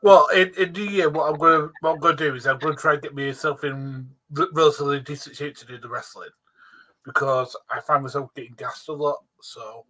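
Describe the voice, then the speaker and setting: A man's voice: on the high side, fairly even intonation, a little fast, pushed and bright, poor audio. A man in casual stream chat who laughs and swears often.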